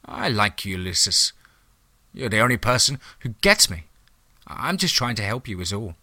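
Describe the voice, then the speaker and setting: A man voicing the devil as a smooth, seductive woman in a spoken horror story, teasing and sly. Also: fairly low pitch, very animated, normal speed, pushed and bright, no echo, clean studio sound, full character voice.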